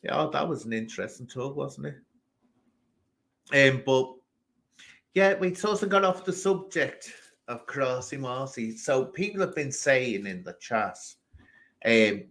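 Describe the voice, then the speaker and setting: A man's voice: mid-range voice, animated, measured pace, long pauses, fairly bright tone. A man from England hosting a casual live stream, ranting animatedly and talking straight to people in the chat.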